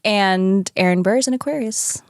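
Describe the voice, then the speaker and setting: A woman's voice: medium pitch, moderate pace, no echo, clean studio sound. A woman co-hosting a podcast, casually recapping a story with lots of swearing and playful asides. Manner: animated, swears freely, acts out characters. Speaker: podcast co-host. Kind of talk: casual chat recapping a musical.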